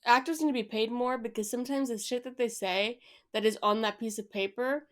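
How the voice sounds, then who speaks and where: A woman co-hosting a podcast in casual chat. She is blunt and animated, swearing freely and throwing in quick asides, with a slightly high voice. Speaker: podcast co-host.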